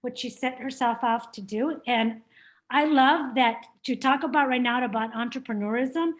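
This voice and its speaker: A woman's voice: a little high, normal speed, poor audio. A woman facilitating a business workshop, speaking in an encouraging, conversational way. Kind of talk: workshop discussion.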